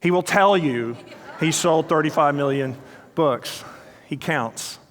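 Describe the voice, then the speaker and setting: Slow and fairly high-pitched with a fairly bright tone, a man gives a motivational talk in a slightly raised voice, telling a story and acting out the dialogue of the people in it. He puts direct questions to the audience while the long reverb of a large hall rings around him. A faint hiss or hum sits under the recording.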